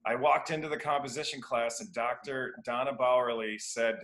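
A man in his fifties from Iowa chats as a guest on a podcast, spinning long anecdotes full of restarts and acted-out quotes. His voice is bright and forceful at an ordinary pitch. The room gives it a noticeable echo. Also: steady tone, normal speed, few pauses. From Iowa, United States. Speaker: guest educator. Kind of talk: casual storytelling interview. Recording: roomy echo.

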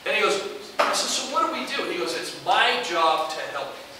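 An older man, an alumnus, telling an animated anecdote at a reunion and acting out the dialogue. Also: high-pitched, brisk. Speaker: alumnus speaker. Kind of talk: storytelling speech. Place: large room at a reunion event. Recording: echoey hall, distant mic, hiss.

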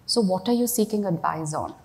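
A woman's voice: on the low side, a little fast, vocal fry, a little mellow, husky. A middle-aged woman giving a keynote speech in a conversational, storytelling way, often saying "you know" and "right?". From India. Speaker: keynote speaker, CEO.

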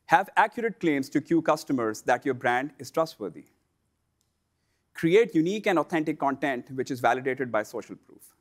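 A man's voice: medium pitch, lively intonation. Man narrating a scripted business lesson. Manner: measured, explanatory delivery. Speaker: seller education presenter.

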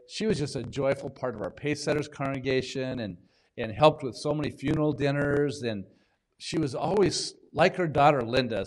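A man, a pastor, giving a sermon in a conversational, unhurried way, with pauses and small restarts. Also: mid-range voice. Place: church in Washington State.

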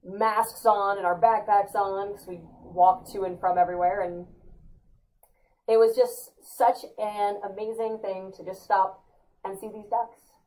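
Playful, upbeat woman host. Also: poor audio. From California. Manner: upbeat, playful, jumps into high excited put-on exclamations. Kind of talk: casual weekly spiritual talk.

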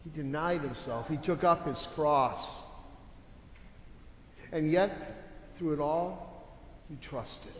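A man's voice: a little high, slight background noise. A male pastor giving a sermon in a conversational, emphatic way, asking his listeners rhetorical questions. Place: church sanctuary. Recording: echoey church with long reverb.

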